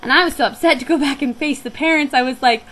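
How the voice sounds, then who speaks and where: A woman's voice: sits high, fast talker, fairly bright tone, poor audio. A young woman who works on a guest ranch, telling a personal story in a chatty, reflective way with frequent restarts.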